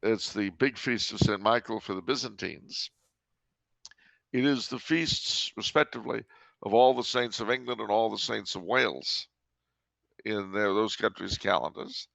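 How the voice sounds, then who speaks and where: A man's voice: lowish voice, normal speed, vocal fry, a bit bright, dry recording. A man hosting a casual podcast chat, talking in a dry, teasing way and breaking into sung jokes. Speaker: podcast host.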